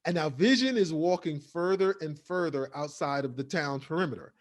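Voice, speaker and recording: A man with a notably high voice co-hosts a casual TV review podcast. He recaps scenes in a loose, rambling way, leaning on "like" and "um" as he goes. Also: moderate pace. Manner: rambling, filler-heavy recap. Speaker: podcast co-host.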